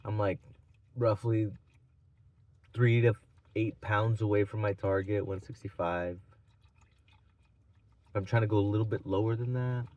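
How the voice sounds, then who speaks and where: A man's voice: fairly low pitch, fairly even intonation, unhurried, pauses often, no echo, muffled recording. A man in his twenties telling a rambling, profane, mocking story in a casual vlog. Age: 20s. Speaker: vlogger.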